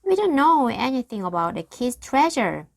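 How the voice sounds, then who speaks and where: A woman's voice: fairly high pitch, very animated, normal speed, creaky, no room sound, clean studio sound, voice pushed up. A woman reading a storybook aloud and voicing a bold, outspoken little girl who speaks bluntly and eagerly. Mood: defiant. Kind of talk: read-aloud storybook voices.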